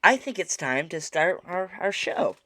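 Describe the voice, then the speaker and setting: A man's voice: high voice, big pitch swings, a little slow, sharp tone, no echo. Stammering mock-indignant male podcast host. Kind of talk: casual chat.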